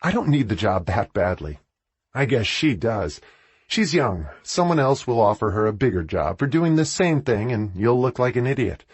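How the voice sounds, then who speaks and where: A man voicing a sharp, sarcastic woman who is angry with her boss in an audiobook, speaking in a raised voice. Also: mid-range voice, big pitch swings, normal speed, breathy edge, dry recording, voice pushed up. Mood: furious sarcastic. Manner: biting, sarcastic delivery.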